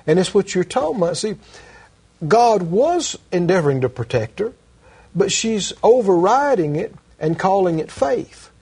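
A man's voice: high voice, mellow, husky. A man who works as a minister, earnestly teaching and telling stories in a Christian conversation, repeating his key phrases for emphasis.

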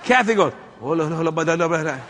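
A man preaching a sermon through a story, acting out the people in it and working up to loud shouts. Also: on the high side, fast talker, a faint crowd, a little hiss or hum. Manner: animated, acts out the people in his stories, climbs to shouting.

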